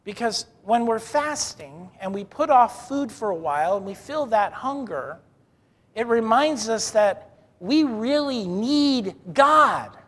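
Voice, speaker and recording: Earnest high-voiced male preacher. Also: expressive, a bit bright, big-room sound. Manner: earnest preaching, stretches key words slowly. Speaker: pastor. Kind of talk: sermon.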